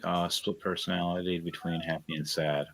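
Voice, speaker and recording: A man's voice: sits low, flat delivery, normal speed, vocal fry, a bit bright. A man narrating as game master of a tabletop game, rambling with lots of fillers and restarts.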